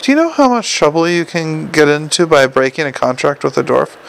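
A man's voice: sing-song, fairly quick, gravelly, poor audio. A man voicing an exasperated, gloomy schemer. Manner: agitated and exasperated, rising in pitch. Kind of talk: audiobook character voice.

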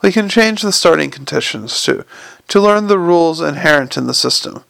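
A man voicing an excitable, long-winded male inventor who lectures eagerly and trips over his words, in an audiobook reading. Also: a little high, moderate pace, creaky, no echo, full character voice. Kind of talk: audiobook character voice.

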